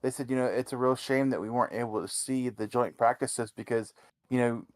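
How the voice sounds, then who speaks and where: A man's voice: mid-range voice, fairly even intonation, a little fast. A man co-hosting a sports podcast, giving blunt opinions in casual chat with many "you know" fillers. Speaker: podcast co-host.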